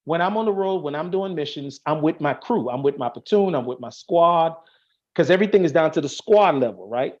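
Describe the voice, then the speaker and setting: A man's voice: fairly high pitch, lively intonation, a little fast, a little mellow, lo-fi sound. A man explaining things in casual chat, earnest and stopping to restart his sentences often. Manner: earnest, thinks aloud with many restarts and fillers. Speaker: Masonic officer, guest on an online show.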